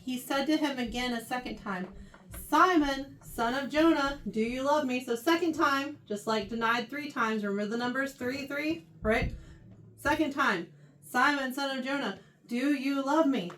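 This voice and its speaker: A woman teaching a Bible lesson to a youth class, animated and often checking in with her listeners. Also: high-pitched, normal speed, a little hiss or hum. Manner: animated, keeps checking in with "right?". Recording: voice heard from far off the mic.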